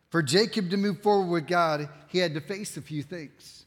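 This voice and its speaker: A man preaching in a church sanctuary, his fairly high voice ringing with a long reverb. He tells the story dramatically and moves from loud, urgent bursts to hushed, intense passages. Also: moderate pace, few pauses. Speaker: pastor. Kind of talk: sermon.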